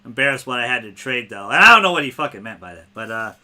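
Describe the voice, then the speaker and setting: A man hosts a loose podcast conversation with a strikingly bright, sharp voice. He talks with excitement, swears freely and retells scenes by quoting lines aloud. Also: mid-range voice, fast talker. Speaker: podcast host. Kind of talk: casual podcast chat.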